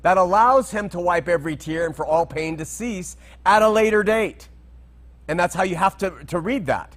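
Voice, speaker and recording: This man's voice is somewhat high, and he teaches from Bible verses unscripted at a normal speed. His style is conversational, with tangents and frequent check-ins to make sure listeners follow.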